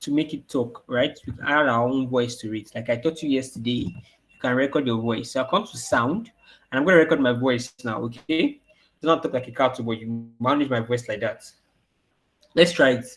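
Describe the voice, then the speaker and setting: With a fairly bright, medium-pitched voice at a moderate pace, a man teaches kids to code online. He poses questions, repeats them for the children to answer, then answers them himself.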